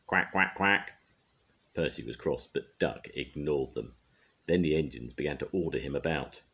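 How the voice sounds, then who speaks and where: An older man reading a children's story aloud with an expressive, lively delivery. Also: extremely low pitch, moderate pace. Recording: dull lo-fi recording.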